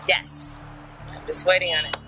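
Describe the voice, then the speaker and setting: A woman's voice: fairly low pitch, fairly even intonation, moderate pace, over music, low-quality recording. A woman being questioned by police at a roadside stop, answering insistently and argumentatively but formally. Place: roadside at night.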